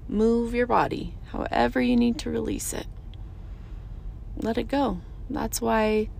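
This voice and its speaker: Woman, thirties, podcast host; slightly high, emphatic, repeats her points. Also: vocal fry, darkish tone, slight background noise. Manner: earnest, emphatic, repeats short phrases. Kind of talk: casual motivational monologue.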